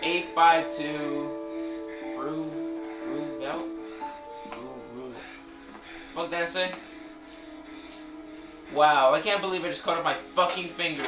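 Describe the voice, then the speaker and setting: A man commentating on gameplay, cursing loudly and laughing with frequent outbursts. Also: fairly high pitch, takes it slowly, pauses often, recorded from a distance. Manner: profane, loud outbursts, laughing. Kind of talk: let's play commentary. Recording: echoey room, game music behind.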